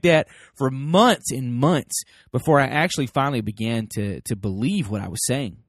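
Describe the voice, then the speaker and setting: A man hosting a casual parenting talk, folksy and animated, acting out quoted voices as he speaks. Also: fairly high pitch, normal speed, few pauses, breathy edge, no echo, clean studio sound. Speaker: parenting podcast host.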